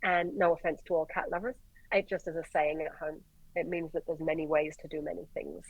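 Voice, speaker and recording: An Irish woman, a paramedic guest, telling stories in a lively way, swearing and acting out the dialogue. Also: low voice, brisk, vocal fry, dry recording, narrow, tinny audio. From Ireland. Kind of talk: animated storytelling in conversation.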